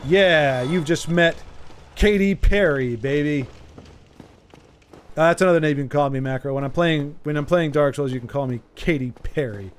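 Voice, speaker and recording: A man with a somewhat high voice chats casually while he plays, joking and wandering off on tangents. He reacts to the game and answers his viewers as he goes. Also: normal speed, a little hiss or hum. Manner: joking, rambling, talks to chat. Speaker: streamer. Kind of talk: casual gameplay commentary.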